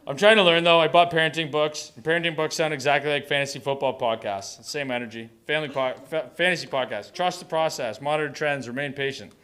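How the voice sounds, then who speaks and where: A man's voice: a little high, fast talker, hardly any pauses, fairly bright tone, clean tone. A man doing a stand-up set in short, clipped punchlines. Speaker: stand-up comedian. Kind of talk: stand-up comedy.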